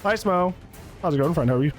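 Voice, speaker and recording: Male streamer, relaxed reactive play-by-play, animated delivery over background music. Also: on the high side, fast talker. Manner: chatty, reacts and laughs often, greets chat. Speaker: gaming streamer. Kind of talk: live gameplay commentary.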